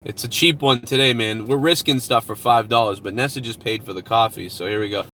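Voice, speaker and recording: A man's voice: mid-range voice, fairly quick, pushed and bright, slight background noise. A man hosting a casual live stream outdoors at home, talking loosely and profanely while reading out viewer donations. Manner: rambling, profane, reads out donations.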